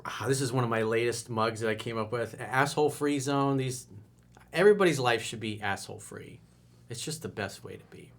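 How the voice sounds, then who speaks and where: Emphatic man coaching on camera. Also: fairly quick. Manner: casual and emphatic, with sudden rises in pitch and loudness. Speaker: dating coach. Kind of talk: coaching video monologue.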